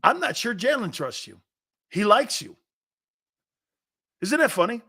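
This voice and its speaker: A man's voice: high-pitched, sing-song, a little slow, sharp tone, breathy edge. A man hosting a sports talk show, talking loosely and profanely and laughing often.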